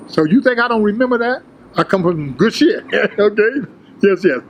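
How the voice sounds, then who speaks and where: An older man tells his story in a casual interview, his voice sitting high. He is animated and slangy, acting out the voices of the people in it. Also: moderate pace, slight background noise, poor audio. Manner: animated storyteller, acts out quotes, street slang. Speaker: interview guest, former bodybuilder.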